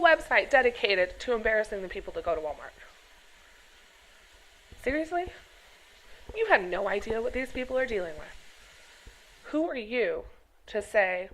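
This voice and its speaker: A woman's voice: medium pitch, animated, a little slow, pauses often, fairly bright tone, poor audio. A middle-aged woman and health teacher ranting to camera in a vlog, scolding and emphatic, with frequent "okay?" and "right?" check-ins. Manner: emphatic, scolding, rhetorical questions.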